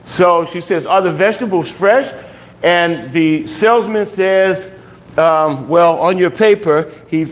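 A man's voice: high-pitched, slow pace, rough recording. A man teaching a language class in a patient, explaining way, often stopping to check that students follow. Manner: patient, checks understanding with frequent "okay?". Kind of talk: classroom lesson.

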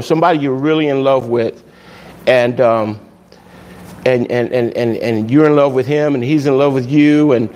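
A man preaching a sermon as pastor, animated and acting out little scenes with voices and laughter. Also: mid-range voice, a little hiss or hum.

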